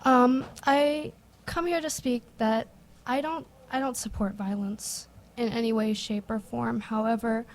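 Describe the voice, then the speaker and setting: A young woman giving nervous, emotional testimony at a public hearing, halting with many restarts. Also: a little high, steady tone, low-quality recording. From United States. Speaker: public witness.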